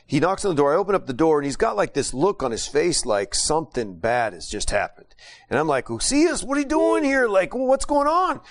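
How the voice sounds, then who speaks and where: A man preaching a sermon and telling a mission story, animated and prone to restarts. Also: a little high. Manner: animated, acts out quotes, many restarts and fillers.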